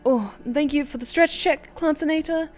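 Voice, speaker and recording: A woman streaming a story game, reading the narration aloud in a lively way and chatting back to her viewers. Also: high voice, moderate pace, faint music behind.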